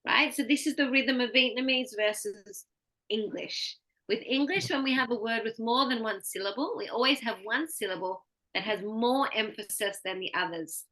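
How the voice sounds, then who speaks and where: Bright Australian woman coaching pronunciation. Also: a little high, normal speed. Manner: explains patiently, models words for repetition. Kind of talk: one-on-one pronunciation lesson.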